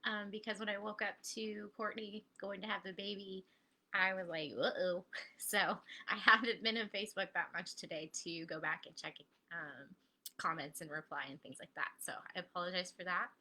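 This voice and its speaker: Woman hosting a live coaching stream, bright voice, chatty and upbeat, talks right to viewers. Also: mid-range voice, fairly even intonation, normal speed. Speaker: host of online training.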